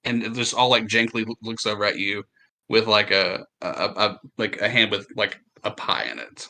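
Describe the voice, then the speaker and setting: Bright-voiced halting game master, a man. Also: on the low side, a little hiss or hum. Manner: halting, many fillers, laughs often. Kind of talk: narrating a tabletop game.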